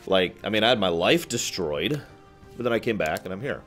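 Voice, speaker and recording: Deep-voiced man chatting on a livestream. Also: expressive, fairly quick, a bit bright, soft background music. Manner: chatty, rambling, answers viewer comments as he goes; laughs often at his own remarks. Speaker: livestream host. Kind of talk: casual livestream chat.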